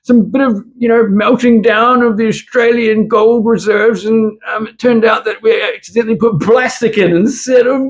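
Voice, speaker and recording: A prissy British banker speaks in a high, sheepish, mock-polite falsetto, as a man puts him on. The voice sounds fussy and apologetic. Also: steady tone, normal speed, few pauses, natural voice.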